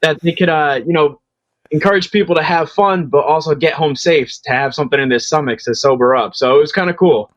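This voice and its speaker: A laid-back man from Rhode Island chats casually as a podcast guest, his voice sitting a little high for a man. His replies come easy and amused, and the sound is dry and close. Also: brisk, no echo, dull audio. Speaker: guest guitarist.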